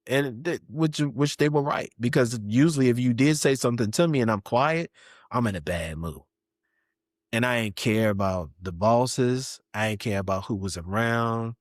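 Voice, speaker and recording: A middle-aged man telling his own story as a podcast guest, animated, jumping into other people's voices as he acts them out. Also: medium pitch, moderate pace, no room sound, studio quality. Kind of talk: candid personal storytelling.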